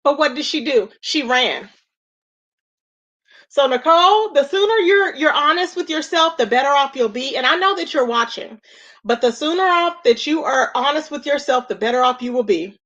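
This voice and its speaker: A woman's voice: high voice, lively intonation, moderate pace, a bit bright. A woman hosting a live stream, talking with sass and exasperation, asking rhetorical questions and greeting viewers with endearments. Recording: dull lo-fi stream audio.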